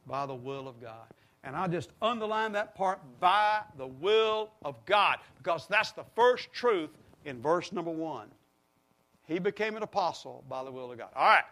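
Animated preaching man with a high voice. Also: unhurried. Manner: animated preaching, leads congregation in call-and-response. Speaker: pastor. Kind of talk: sermon.

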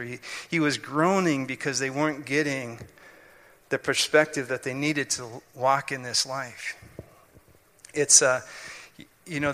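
A man's voice: mid-range voice, bright, forceful tone. A man preaching a sermon, explaining scripture earnestly and restarting his sentences often. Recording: long hall reverb.

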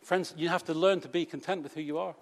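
A British man with a voice on the high side preaches to his congregation, speaking quickly with fairly even intonation. His sermon is conversational and teasing, packed with rhetorical questions. The long reverb of a church hall surrounds the recording.

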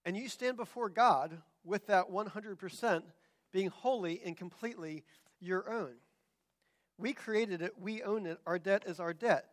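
A man preaching a sermon, animated and often acting out the voices of people he quotes. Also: high-pitched, measured pace. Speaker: pastor.

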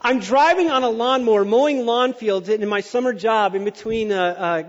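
High-voiced, hyperbolic man preaching in a hall. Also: moderate pace. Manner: animated, exaggerating storyteller. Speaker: pastor. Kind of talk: sermon. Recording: dull sound with long hall reverb.

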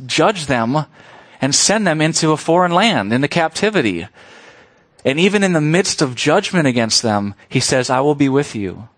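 Man, pastor preaching, emphatic, rhetorical questions, mid-pitched voice, dry sound. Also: fairly bright tone, no echo. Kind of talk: sermon.

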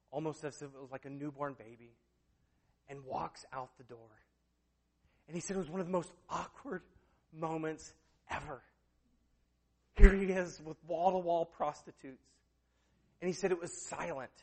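Male preacher, slightly high voice, dramatic storyteller who swings between loud and hushed. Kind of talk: sermon storytelling.

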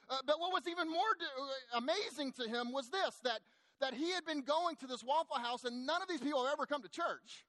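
A man preaching, telling a long story to make his point, animated at times and hushed in the sad parts. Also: very high voice, brisk, dry recording. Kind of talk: sermon storytelling.

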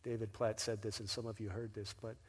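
A man's voice: on the low side, flat delivery, fairly quick, husky. A man preaching a sermon, telling a personal story in a conversational way and briefly acting out the voices of the people in it. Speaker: pastor. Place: church sanctuary. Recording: long reverb of a large hall.

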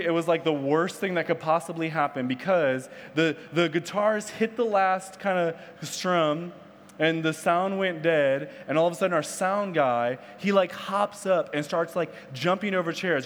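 A young man preaching, telling a story in a lively way, acting out quotes, often saying "like" and "right?". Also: on the high side. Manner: animated storyteller, acts out quotes, says "like" and "right?" a lot. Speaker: pastor. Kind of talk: storytelling sermon. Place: church hall. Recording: long hall reverb.

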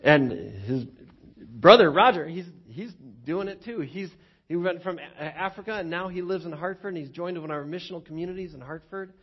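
A pastor delivers his sermon in a fairly high, husky voice. He tells stories with animated energy and slips into acted-out voices. The recording sounds dull and lo-fi. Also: moderate pace. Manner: animated storytelling, acts out quoted voices, chuckles often.

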